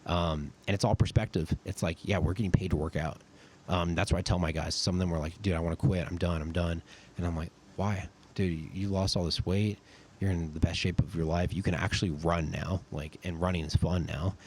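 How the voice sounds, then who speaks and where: A man's voice: deep voice, fairly even intonation, brisk, a little mellow, slight background noise. A young man in his twenties from California, a podcast guest and army sergeant telling casual, rambling stories full of "like.". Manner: rambling, filler-heavy with frequent "like". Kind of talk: casual storytelling.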